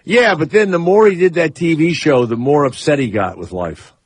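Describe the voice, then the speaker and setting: Brash radio host man in his sixties, husky voice, teasing callers. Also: on the high side, moderate pace, no room sound. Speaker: radio talk show host. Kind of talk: casual call-in radio banter.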